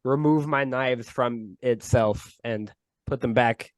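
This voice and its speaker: A man's voice: medium pitch, slow, no room sound, rough recording. A man chatting casually as a player in a tabletop game. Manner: joking, clarifying.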